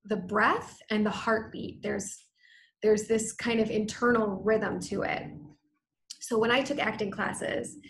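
Slow, chatty woman lecturer. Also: medium pitch, vocal fry, low-quality recording. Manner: chatty, informal, frequent fillers and restarts. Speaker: community program coordinator. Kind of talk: online lecture.

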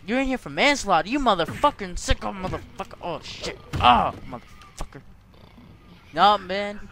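A young man gives let's play commentary in a high, animated, creaky voice at normal speed. He curses, trash-talks, and yells at the characters on screen.

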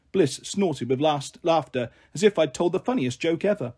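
A man narrating a children's novel in a gentle first-person storytelling manner. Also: on the high side, animated, normal speed, hardly any pauses, breathy edge. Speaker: story reader.

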